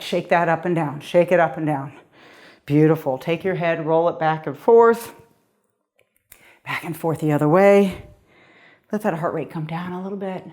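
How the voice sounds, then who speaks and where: A woman's voice: fairly low pitch, darkish tone. A middle-aged woman fitness coach leading a guided workout, upbeat and encouraging, a little out of breath as she exercises along.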